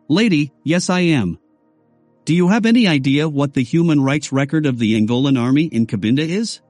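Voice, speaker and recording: A man's voice: a little high, animated, brisk, darkish tone, dry recording, soft background music. A man narrating a first-person novel in a wry, sardonic way. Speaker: audiobook narrator.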